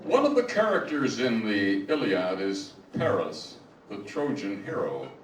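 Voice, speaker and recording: An older man giving a slow, digressive, self-deprecating talk about reciting ancient verse, as an amateur classics reciter. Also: on the low side, big pitch swings. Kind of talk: spoken lecture with recitation. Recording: echoey room, mic at a distance, faint hiss.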